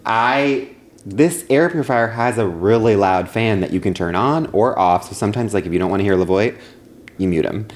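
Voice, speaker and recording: A man with a very low voice co-hosting a relaxed podcast. He rambles through stories, pokes fun at himself and laughs easily. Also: moderate pace. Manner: rambling, self-deprecating, laughs often. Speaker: podcast co-host. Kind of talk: casual chat.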